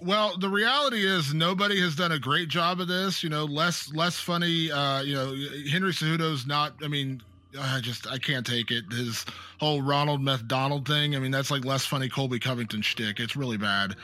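A man's voice: a little high, moderate pace, sharp tone. A man on a panel giving his pick in a blunt, dismissive way. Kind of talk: casual debate.

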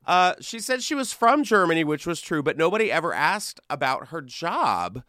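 A man's voice: sits high, sing-song, normal speed, bright, forceful tone, no echo, studio quality. A man hosting a comedy news podcast, chatting casually and sarcastically, often breaking into laughter. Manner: sarcastic, laughing, mocking voices. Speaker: podcast host.

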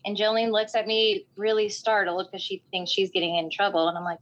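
A woman telling a personal story in casual talk, animated and often saying "like". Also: mid-range voice, brisk, lo-fi sound. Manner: animated, acts out voices in quotes, fills with "like".

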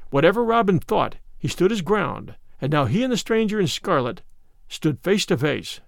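A man reading a classic tale aloud with expressive storytelling. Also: sits high, normal speed, creaky, dry recording, studio quality. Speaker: narrator. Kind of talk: scripted narration of a classic tale.

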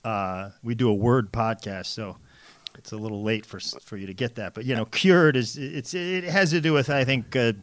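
A man's voice: medium pitch, moderate pace, no echo. A man co-hosting a word podcast in casual chat, dry and teasing as he grades his partner's jokes. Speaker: podcast co-host.

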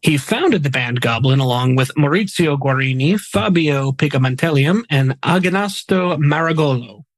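A man's voice: on the high side, expressive, moderate pace, hardly any pauses, dry recording, low-quality recording. A man hosting a podcast, casually reading out memorial facts with light jokes mixed in. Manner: reads facts in a chatty way with small jokes. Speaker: podcast host.

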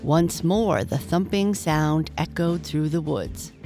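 A woman reading a children's story aloud in a slow, measured way. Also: low voice, animated, warm tone, soft background music. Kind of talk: read-aloud storybook narration.

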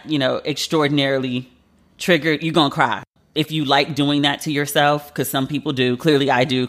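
Speaking in a mid-range, slightly bright voice, a man who works as a journalist runs a casual solo podcast. He's talkative and emotional, packing his sentences with "like."

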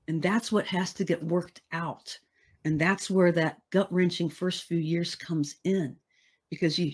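A woman's voice: on the low side, husky. A woman guest on a podcast telling a personal story in an earnest, reflective way and repeating phrases for emphasis.

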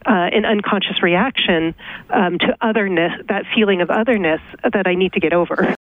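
A woman's voice: medium pitch, no echo. A woman, a psychology professor, explains her research carefully in a radio interview over the phone. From Canada. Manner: careful, explanatory, pauses to think. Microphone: telephone. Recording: tinny, dry phone line.

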